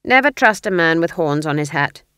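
A woman reading the part of a stern, proud old female witch, speaking flatly with clipped, cutting lines. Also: deep voice, moderate pace, clear, resonant tone, no echo, clean studio sound.

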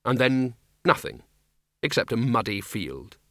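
With a medium-pitched voice and a measured pace, a man narrates a comic fantasy novel for an audiobook, giving the scripted story a wry, expressive reading. The recording is dry and the studio sound clean.

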